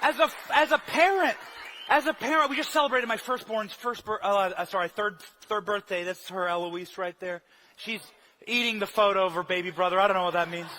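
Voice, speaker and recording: A young man giving a live speech in a large hall, shouting in punchy bursts and at times dropping into quiet, earnest talk. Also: high voice, fairly even intonation, normal speed, a faint crowd, a little hiss or hum. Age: young adult. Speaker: rally speaker.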